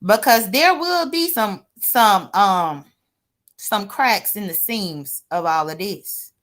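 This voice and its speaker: A woman's voice: medium pitch, expressive, takes it slowly, fairly bright tone. A woman giving casual, sassy gossip commentary to her viewers, chatty and exclamatory. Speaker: online drama commentator.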